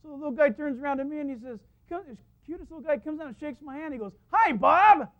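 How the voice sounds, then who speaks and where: A man preaching a sermon as the church's pastor, telling stories in a lively way and laughing at his own anecdotes, recorded in a church. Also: very high-pitched, rapid-fire. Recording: dull lo-fi sound.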